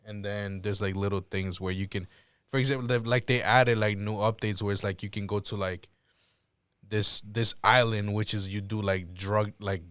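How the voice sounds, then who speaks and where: A man's voice: on the low side, steady tone, moderate pace, a bit bright, smooth, dry recording. A man co-hosting a podcast in casual chat, laid-back, trailing off into "like" and swearing freely. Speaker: podcast co-host.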